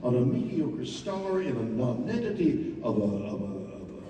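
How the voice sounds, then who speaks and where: A man giving a theatrical live monologue, swinging from hushed murmurs to loud outbursts, with halting repetitions. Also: mid-range voice, big pitch swings, noisy background. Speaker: stage performer telling a personal story. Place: large theater. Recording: echoey hall, mic far off.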